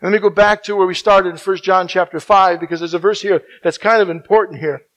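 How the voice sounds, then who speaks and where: Male preacher with a high, bright voice, dynamic delivery from loud emphasis to hushed near-whispers. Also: fairly even intonation, a little fast, rough recording. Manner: emphatic repetition. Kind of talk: sermon.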